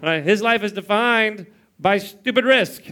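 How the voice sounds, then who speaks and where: Man, 30s, pastor, sermon, high-pitched, playful storyteller, church. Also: unhurried. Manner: animated storytelling with playful mimicry and chuckles.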